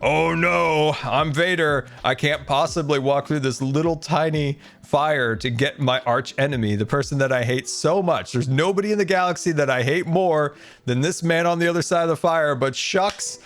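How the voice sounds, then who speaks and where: A man's voice: fairly high pitch, normal speed, fairly bright tone, pitched above the performer's own voice. Man mocking a helpless Darth Vader. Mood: sarcastic. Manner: sarcastic, mock-helpless. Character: armored male dark lord, sarcastically timid.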